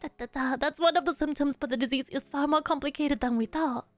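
A woman's voice: sits high, quick pace, soft background music. A young woman streaming a game, chatting playfully with her viewers and humming little tunes between lines. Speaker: VTuber streamer. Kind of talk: casual gameplay commentary.

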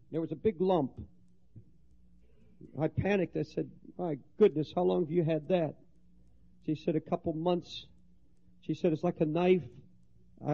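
A middle-aged man preaching with fervor, his voice pitched high for a man. He swings between ringing exclamations and quiet, confiding storytelling. The recording sounds dull and lo-fi, like an old 1970s sermon tape. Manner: fervent, swinging from loud exclamations to hushed storytelling. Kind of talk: impassioned sermon.

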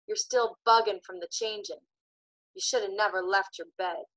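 A woman voicing a calm, commanding teenage boy who speaks in a steady drawl in a storybook reading. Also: mid-range voice, normal speed, natural voice, low-quality recording. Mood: calm warning.

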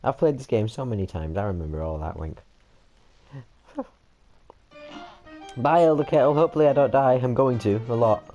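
Give me a young British gamer hosting his let's-play with crude, loud jokes and plenty of swearing. His voice is lively and swings freely in pitch. Faint game music plays behind him. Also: normal speed, pauses often, lo-fi sound. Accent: British English. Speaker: gaming channel host.

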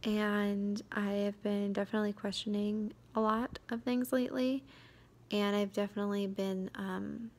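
A young woman vlogging in a quiet, hesitant way, tired and drained, with many fillers and sudden drops into a whisper. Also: mid-range voice, flat delivery, normal speed. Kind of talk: confessional vlog.

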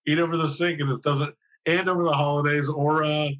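A man chatting as a podcast guest with a bright, sharp-edged tone. His voice sits a bit high. He jokes wryly and pokes fun at himself throughout. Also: little pitch movement, fairly quick. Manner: wry, self-deprecating joker. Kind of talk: casual chat.

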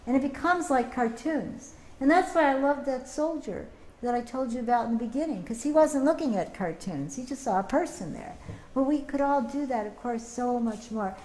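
Middle-aged woman giving an activist talk, kinda high voice, tells stories and does voices, echoey room. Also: normal speed. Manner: anecdotal, animated, acts out quoted voices. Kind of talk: public talk with storytelling. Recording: echoey room, faint background noise.

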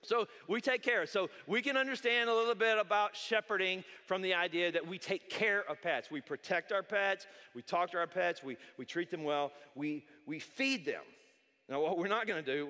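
A pastor giving a sermon in a casual, conversational way, repeating himself and slipping in jokes. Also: male voice, high-pitched, lively intonation, normal speed, pushed and bright. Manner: conversational preaching with repetitions and jokes. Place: large church hall. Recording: hall reverb.

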